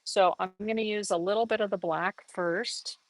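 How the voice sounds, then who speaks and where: A woman giving a casual live painting lesson, chatty and upbeat, laughing often and jumping into high exclamations. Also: steady tone, moderate pace, no room sound, rough recording. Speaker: art teacher.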